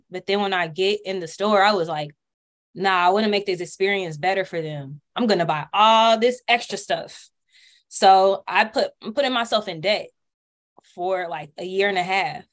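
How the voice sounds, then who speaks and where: Earnest young woman telling her story. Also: medium pitch. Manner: earnest, candid, with halting restarts. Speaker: caterer and business owner. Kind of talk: panel discussion storytelling. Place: community workshop room.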